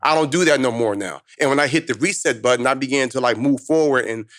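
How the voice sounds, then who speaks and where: Brief: man, 30s, motivational speaker, rapid animated storytelling, dry close sound. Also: mid-range voice, dry recording. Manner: fast, animated street-slang storytelling. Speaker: motivational speaker, podcast guest. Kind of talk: storytelling in casual conversation.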